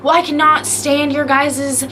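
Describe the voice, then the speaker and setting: A woman's voice: high voice, level tone, measured pace, pushed and bright, a little hiss or hum, voice pushed up. A woman voicing an irritated female salon customer's indignant complaint within her story. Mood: indignant rant.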